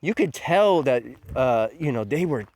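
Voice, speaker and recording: A man's voice: medium pitch, lively intonation, measured pace, darkish tone, dry recording. A man giving a crude, mocking countdown rant as an anime reviewer, swearing often and sneering at fans. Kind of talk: ranting countdown commentary.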